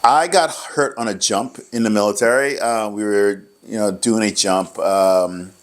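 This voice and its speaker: A middle-aged man with a low voice tells his story as a guest in a relaxed interview. He rambles, laughs easily and slips into little acted-out lines of dialogue. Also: unhurried. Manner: rambling, laughs often, acts out quoted dialogue. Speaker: rehab clinic director, guest.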